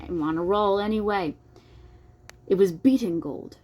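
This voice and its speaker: A woman's voice: mid-range voice, lively intonation, unhurried, a little mellow. A young adult woman reading a nonfiction book aloud, breaking off for playful, self-deprecating comments. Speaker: book reader.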